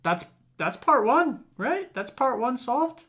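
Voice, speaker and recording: A young man co-hosting a podcast, throwing in dry, quick one-liners during casual chat. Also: very high voice, sing-song, fairly bright tone. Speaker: podcast co-host.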